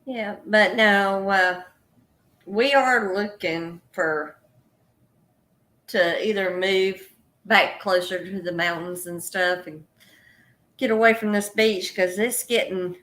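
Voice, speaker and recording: Slow bright-voiced Southern woman. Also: mid-range voice, steady tone, low-quality recording. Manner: slow, drawling, reads out chat names. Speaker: co-host of a livestream. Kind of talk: casual chat reading viewer comments.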